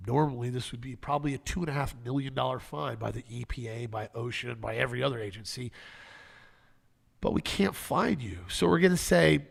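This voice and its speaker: A male co-host of a talk show who tells stories in a lively way and acts out the dialogue he quotes. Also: mid-range voice, fairly quick, gravelly. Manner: animated storyteller acting out quoted dialogue. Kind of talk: conservative health talk show banter.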